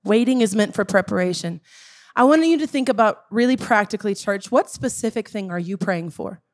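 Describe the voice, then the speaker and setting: A woman's voice: mid-range voice, animated, brisk. A woman preaching a sermon, emphatic and calling out to the congregation with repeated questions. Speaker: pastor.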